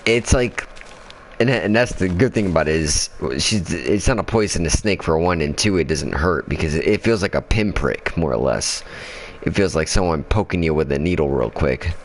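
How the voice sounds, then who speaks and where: Gaming host, male, rumbling deep voice, loose profane storyteller who rambles with fillers. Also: normal speed, slight background noise. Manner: swears constantly, rambling with fillers. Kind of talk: casual storytelling while playing a game.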